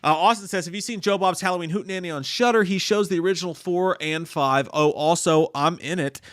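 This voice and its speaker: An American man co-hosts a casual live stream, reading viewer comments aloud and telling animated stories laced with plenty of swearing. His voice is high-pitched and fairly bright, and he talks a little fast. The recording is clean studio sound with no echo.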